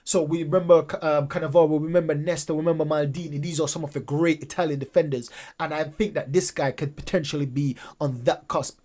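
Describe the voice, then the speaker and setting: A man hosting a fan channel, commenting casually and excitedly over highlight clips, often repeating himself and restarting sentences. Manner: excitable, repeats phrases, many restarts and fillers. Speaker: football fan channel host.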